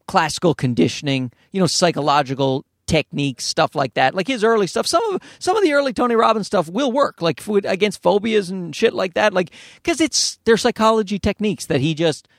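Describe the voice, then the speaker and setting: A man talks through a loose solo podcast, his voice pitched high with a gravelly fry. He rambles from story to story, swearing freely and tossing in sarcastic asides. The sound is dry, with little room around it. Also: dry recording. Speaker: podcast host. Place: outdoors or by a road, talking into a microphone.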